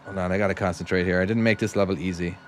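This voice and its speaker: A man with a Cork Irish accent softened by years in America, chatting casually with viewers and thanking them while he plays a trucking game on a live stream. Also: low-pitched, steady tone, very fast, slight background noise. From Ireland.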